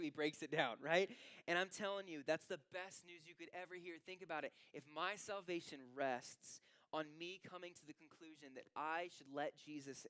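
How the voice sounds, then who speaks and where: Male pastor, lively conversational sermon delivery, fairly high, crisp voice. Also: no room sound. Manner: animated, conversational preaching with asides. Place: church sanctuary.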